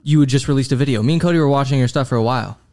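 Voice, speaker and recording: A man's voice: medium pitch, racing, darkish tone. A young man who is a guest on a podcast, chatting casually and easily as he tells his side of a story.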